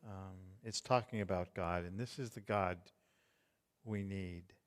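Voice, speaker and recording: A middle-aged man preaching a tender, hushed sermon as pastor. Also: sits low, fairly even intonation, long reverb tail. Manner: slow, tender, hushed delivery.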